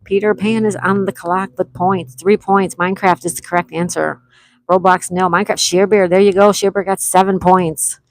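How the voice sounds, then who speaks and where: A woman runs a casual online quiz, calling out players' names and scores in a friendly, easygoing way. She reads each question twice at a measured pace. The sound is dry and close, with no room around her. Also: lowish voice, steady tone, dry recording, rough recording. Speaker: trivia game host. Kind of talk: casual live-stream quiz hosting.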